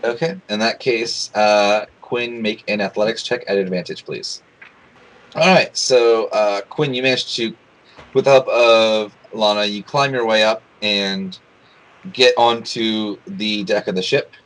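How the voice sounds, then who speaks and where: Game master, man, lowish voice, halting narration with lots of restarts. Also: fairly even intonation, a bit bright, low-quality recording. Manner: hesitant, many restarts and fillers.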